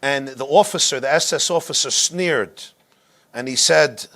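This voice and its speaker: A male rabbi teaching a class, telling a story dramatically and slowing down to stress key moments. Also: medium pitch, sharp tone. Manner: dramatic, slows down for emphasis. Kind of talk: storytelling lecture.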